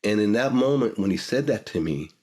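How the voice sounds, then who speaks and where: A man's voice: lowish voice, lively intonation, fairly quick, dark tone. An older man, a guest, telling a personal story in a reflective, emotional way, repeating phrases for emphasis.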